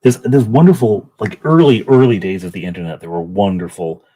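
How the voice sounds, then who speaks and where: A middle-aged man talks casually on a livestream, rambling and joking at his own expense. His voice is deep and a little husky. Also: steady tone, a little fast, mellow, poor audio. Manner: rambling, self-deprecating, joking. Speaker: livestream host. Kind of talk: casual chat while painting miniatures.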